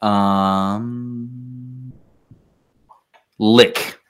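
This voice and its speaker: A man answering in a casual word game, hesitant and slow to pick. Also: mid-range voice, fairly even intonation.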